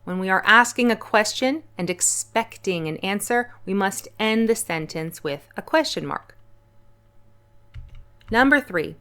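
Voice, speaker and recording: A little slow and animated, her mid-range voice pushed and bright, a woman teaches English punctuation on her own channel. She explains each grammar point clearly and patiently.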